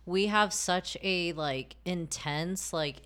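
Bright, smooth-voiced woman telling stories. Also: lowish voice, slow pace. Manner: animated storytelling, acts out quoted voices, many likes. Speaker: guest. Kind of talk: candid podcast chat.

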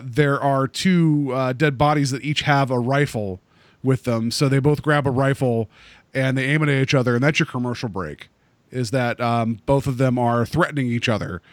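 A man's voice: medium pitch, steady tone, normal speed, no echo. A man co-hosting a podcast, recapping a TV episode in casual chat, rambling with many fillers and restarts. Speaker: podcast co-host.

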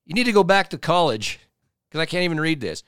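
A man's voice: on the high side, sing-song, quick pace, a bit bright, smooth, dry recording, studio quality. A man co-hosting a casual sports talk show, reading listener comments aloud and bluntly joking about them.

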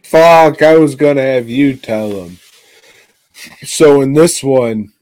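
A man co-hosting a podcast, talking about movies in a crude, sarcastic way full of swearing and sudden loud outbursts. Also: medium pitch, slow, no room sound. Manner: profane, sarcastic, animated outbursts. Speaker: podcast co-host. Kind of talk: crude casual film chat.

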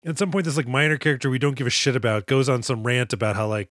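A man's voice: medium pitch, fast talker, no echo. Man, podcast co-host, casual movie chat, profane, laughs a lot, dry sound. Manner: profane, laughing, animated retelling.

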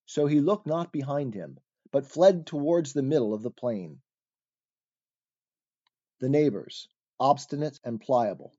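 Mellow male narrator, lo-fi recording. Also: medium pitch, lively intonation. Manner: measured, formal, archaic phrasing. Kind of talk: scripted narration of an old allegory. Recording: dull lo-fi recording.

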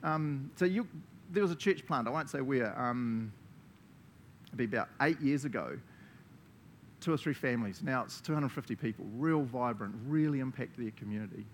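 Animated New Zealand preacher man. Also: mid-range voice, moderate pace, a little hiss or hum. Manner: animated, laughing, acts out quoted voices. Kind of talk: sermon.

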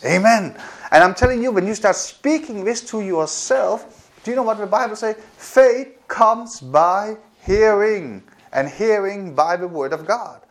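A man preaching a sermon in an animated way, repeating phrases and often laughing. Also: sits high, unhurried.

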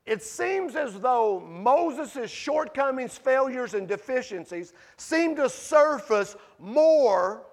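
High-voiced preacher with shouted emphasis. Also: male voice. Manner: conversational asides to the congregation. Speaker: pastor. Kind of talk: sermon. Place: church sanctuary.

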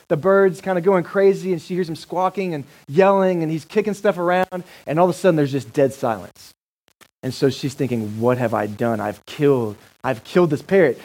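Man, pastor, sermon, casual, enthusiastic, joking, somewhat high voice. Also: a little mellow, low-quality recording.

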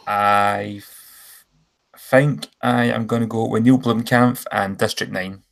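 A man's voice: lowish voice, steady tone, slow, creaky. A man co-hosting a podcast, rambling enthusiastically about films and correcting himself as he goes. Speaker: podcast co-host. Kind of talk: casual film chat.

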